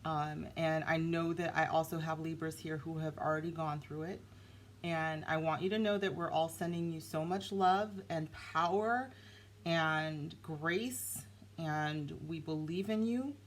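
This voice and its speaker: A woman giving a casual, animated tarot reading, talking straight to her viewers. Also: sits low, a little hiss or hum. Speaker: tarot reader.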